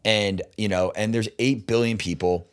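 A man's voice: lowish voice, steady tone, normal speed. Rambling young man, lots of "like". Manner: rambling, heavy on "like" and "dude", laughs often. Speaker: podcast guest, stand-up comedian. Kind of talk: casual chat.

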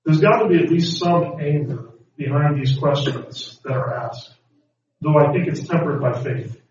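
A man's voice: a little high, a little mellow, slight background noise. Man preaching in an echoey room. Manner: reflective, asks many rhetorical questions. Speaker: pastor. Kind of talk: sermon. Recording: echoey room, distant mic, dull sound.

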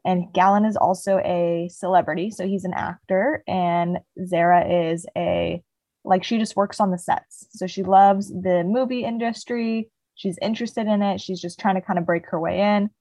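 A woman's voice: fairly low pitch, fairly even intonation, moderate pace, dark tone, no echo, low-quality recording. Chatty young woman, dry close sound. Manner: rambling retelling, heavy "like" fillers. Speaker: podcast co-host. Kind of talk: casual book chat.

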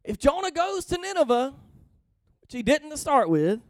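Speaking at an extremely high pitch and a moderate pace, a very animated man preaches in a dry recording. His approach is conversational: he reads scripture, explains it with emphasis, and regularly checks in with listeners through questions.

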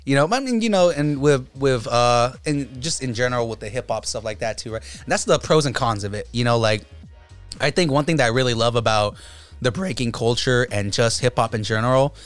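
A man's voice: medium pitch, brisk, faint music behind. A man in a casual chat, a breakdancer telling stories in a laid-back way, laughing often and imitating his friends.

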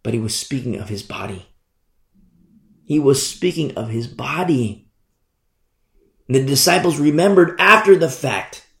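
A man's voice: medium pitch, expressive, a little slow, vocal fry, pauses often, a bit bright, reverberant. A male pastor preaching a fiery sermon and acting out scenes from scripture.

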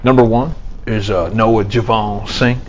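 A man's voice: lowish voice, unhurried, lo-fi sound, a little hiss or hum. A man trading jokes and rambling stories in casual banter. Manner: joking, rambling, animated bursts.

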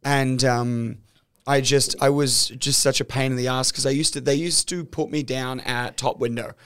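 A young Australian man telling self-mocking stories in an animated, casual podcast chat. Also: medium pitch, normal speed, smooth.

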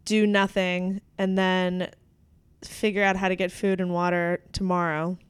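Woman, podcast co-host, casual chat, smooth clear voice, dry close sound. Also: lowish voice, little pitch movement, a little slow, no room sound. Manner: chatty, laughing often. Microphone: studio mic.

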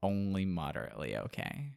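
A man's voice: deep voice, sing-song, fairly quick, gravelly, a little mellow, no room sound, clean studio sound. A man co-hosting a podcast, cutting in with sarcastic, snarky quips. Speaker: podcast co-host. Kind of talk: casual podcast banter.

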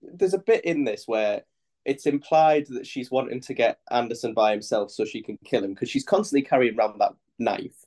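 A man's voice: mid-range voice, fairly quick, a little mellow. A man guesting on a casual podcast, sharing film trivia with enthusiasm and swearing casually.

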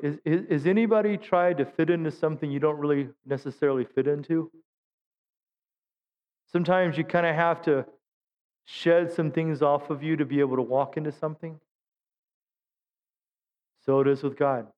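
A middle-aged man preaching a sermon as a pastor, telling humorous stories and acting out quotes in high voices. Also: steady tone, moderate pace, long pauses, big-room sound, lo-fi sound. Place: church sanctuary.

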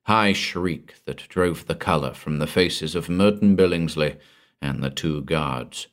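A man narrating a pulp crime story aloud in a tense, dramatic reading. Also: low voice.

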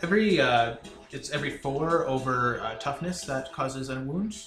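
A man's voice: medium pitch, lively intonation, moderate pace, a bit bright, soft background music. A man playing a tabletop game, chatty and thinking aloud through his rolls. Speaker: player. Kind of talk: casual tabletop game play. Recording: echoey room.

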